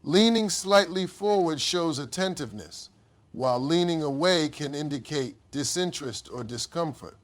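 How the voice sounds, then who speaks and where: A man giving a scripted motivational speech, his voice a little higher than most men's. He speaks in a measured, deliberate way, stressing key words and letting each sentence sink low and quiet at its close. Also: lively intonation. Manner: measured delivery, dropping low at sentence ends.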